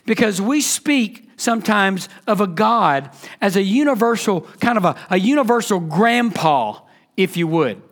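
A man's voice: sits high, fairly bright tone. A man preaching a sermon, emphatic and repetitive, asking rhetorical questions and leaning on key phrases.

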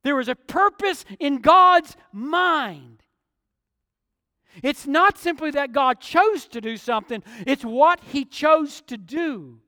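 A man preaching a sermon as pastor, emphatic and deliberate, dropping to quieter asides. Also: very high voice, lively intonation, no echo, clean studio sound, in a large hall.

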